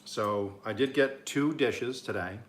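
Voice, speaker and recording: An Oklahoma man with a mid-range voice speaks unhurriedly as he rambles through a casual cooking vlog. He seems amused at himself, and at times he's talking with food in his mouth.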